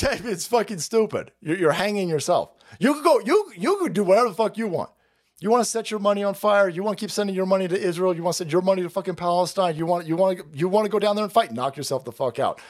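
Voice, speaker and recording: A man hosting a political stream, ranting with heavy profanity and sarcastic mockery, often breaking into shouts. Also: high-pitched.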